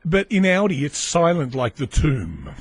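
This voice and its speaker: Sardonic Australian man with a husky voice. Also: fairly high pitch, unhurried. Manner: sardonic, swearing, animated asides. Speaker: podcast host. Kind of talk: casual solo podcast rant.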